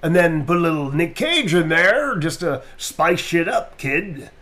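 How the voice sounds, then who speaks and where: A man's voice: fairly high pitch, sing-song, measured pace, a bit bright, pitched above the performer's own voice. An actor voicing a brash male metalworker villain in a transatlantic accent, with a metallic, mocking edge. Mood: taunting.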